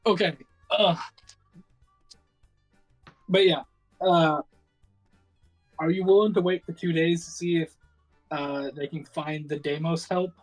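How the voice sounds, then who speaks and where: A man's voice: a little high, fairly even intonation, slow, pauses often, soft background music, rough recording. A man narrating a tabletop game as game master, casual and rambling, poking fun at himself. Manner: casual, rambling, self-mocking.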